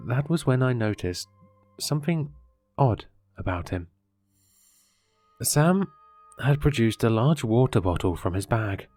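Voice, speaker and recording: A man reads a horror story aloud in a measured, dramatic way. His voice sits low, and faint music plays underneath. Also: darkish tone. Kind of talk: scripted horror story narration.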